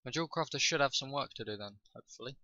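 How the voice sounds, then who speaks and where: A man giving casual commentary over his own gameplay, thinking aloud with frequent fillers and pauses. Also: medium pitch, sharp tone, no echo, low-quality recording. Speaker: gaming video host.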